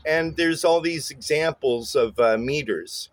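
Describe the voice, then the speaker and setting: A man, a bass teacher, giving a relaxed spoken lesson with many fillers and small chuckles. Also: measured pace, dry recording. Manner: relaxed and chatty, many "uh" and "um" fillers, chuckles at his own jokes.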